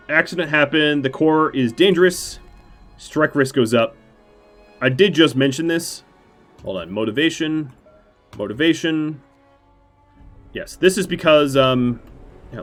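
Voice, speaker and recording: A man streaming a strategy game on a headset mic, thinking aloud about his choices with dry, self-mocking jokes. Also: mid-range voice. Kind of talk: let's play commentary.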